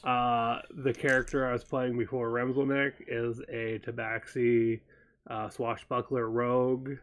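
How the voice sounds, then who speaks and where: A man's voice: medium pitch, flat delivery, a little slow, fairly bright tone. Rambling man in casual chat. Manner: meandering, stops to recall details mid-sentence. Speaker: co-host of a chat show.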